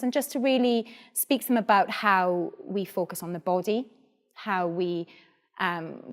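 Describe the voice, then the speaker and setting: Welsh actress coaching a drama class. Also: female voice, medium pitch. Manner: clear, encouraging, demonstrative. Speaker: actor leading a drama workshop. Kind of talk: practical teaching, giving instructions.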